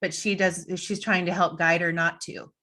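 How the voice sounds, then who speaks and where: A middle-aged woman host with a somewhat low voice. She rambles in a friendly, chatty way and laughs easily between her stories. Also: level tone, normal speed, pushed and bright. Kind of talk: casual chat.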